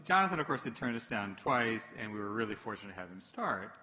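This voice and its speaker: Man with a dry teasing wit, bright voice, long echo of a hall behind him. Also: on the low side, big pitch swings, quick pace. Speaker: panel guest. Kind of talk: onstage conversation. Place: stage in a hall. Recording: reverberant hall.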